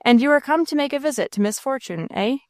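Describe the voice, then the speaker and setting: A woman's voice: sits high, lively intonation, fast, no echo, studio quality, voice pushed up. A woman reading the part of a big red-faced country innkeeper who speaks in a folksy rural dialect. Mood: blunt.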